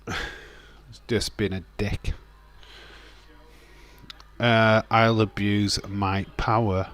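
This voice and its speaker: A man's voice: on the low side, level tone, drawn-out words, fairly bright tone. A young man casually commenting on a wrestling watch-along, rambling and swearing while reading chat. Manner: rambling, chatty, swears and laughs, reads chat aloud. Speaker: streamer hosting a watch-along. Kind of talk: casual live-stream commentary.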